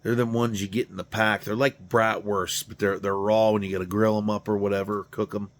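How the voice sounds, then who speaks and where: With little pitch movement and a brisk delivery, the low-voiced garage channel host rambles casually amid slight background noise. The middle-aged man is tired and yawning, swearing and self-deprecating as he goes.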